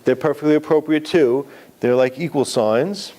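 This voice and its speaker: A man's voice: mid-range voice, moderate pace, warm tone. A man giving a live classroom lecture on writing, explaining step by step with examples.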